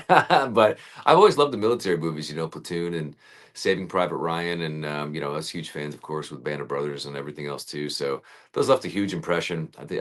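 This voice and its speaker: A male actor talking as a guest in an interview, relaxed and thoughtful, laughing easily. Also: low-pitched. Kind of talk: casual interview chat.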